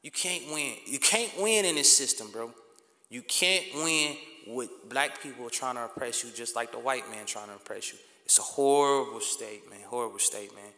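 A man's voice: medium pitch, moderate pace, pushed and bright. A man hosting a podcast, delivering a blunt, impassioned rant full of street slang. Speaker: podcast host. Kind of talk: impassioned monologue. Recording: echoey room with long reverb.

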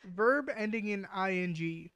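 A woman's voice: mid-range voice, a little slow, fairly bright tone, clear, resonant tone, dry recording. A woman hosting a podcast in casual chat, joking and swearing freely as she runs a word game. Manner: joking, swears freely, laughs while reading. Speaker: podcast host.

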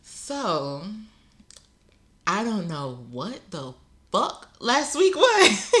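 A woman's voice: medium pitch, wildly swooping pitch, drawn-out words, fairly bright tone. A young woman co-hosting a casual podcast, teasing her friend and swearing freely as she talks. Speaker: podcast co-host. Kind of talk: casual chat.

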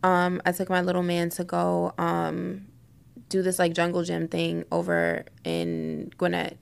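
Woman, podcast co-host, gravelly low voice, smooth tone, lively storyteller. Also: measured pace. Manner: storytelling, animated quoting of others. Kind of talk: casual chat.

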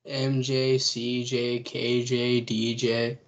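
A young man co-hosting a casual podcast chat, playful and quick to tease. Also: medium pitch, completely flat delivery, dull audio. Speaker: podcast co-host.

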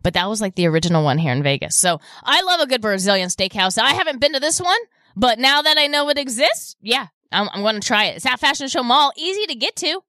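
A bubbly woman hosting a radio shopping show, her voice bright and pitched a little high, swinging up and down as she reads out each deal. She speaks into a studio mic in a dry, close room. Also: sing-song, quick pace, no room sound. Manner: bubbly, cooing "ooh" over deals. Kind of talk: live radio shopping segment. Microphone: studio microphone.

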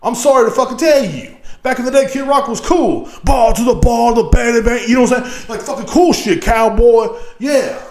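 A man with a fairly high voice, ranting on his podcast. He is riled up, swears constantly and rambles from point to point. His voice rings around an echoey room. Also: expressive, moderate pace, few pauses. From Texas, USA. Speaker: podcast host. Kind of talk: profane solo rant.

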